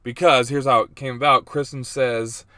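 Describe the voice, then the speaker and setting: A man's voice: mid-range voice, steady tone, moderate pace, sharp tone, dry recording. A man in his thirties hosting a casual faith and life vlog, chatty and self-deprecating, laughing often. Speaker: host.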